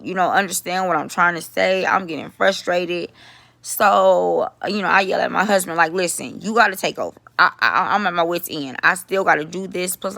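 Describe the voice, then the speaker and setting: A middle-aged woman telling a story in a casual vlog, animated, talking to her viewers and swearing freely. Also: fairly low pitch, vocal fry, no room sound. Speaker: vlogger.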